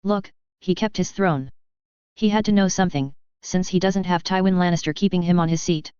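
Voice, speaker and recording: A woman's voice: lowish voice, fairly quick, a little mellow, clear, resonant tone, dry recording, natural voice. A woman voicing an earnest, wry young male lord who speaks dryly, on a dull lo-fi recording. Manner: dry, earnest.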